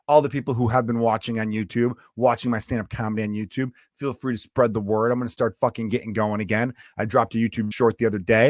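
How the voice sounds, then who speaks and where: A man's voice: fairly low pitch, no room sound, studio quality. A man hosting his own podcast, a stand-up comedian ranting casually and bluntly, swearing freely, with a lingering cough. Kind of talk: casual profane rant.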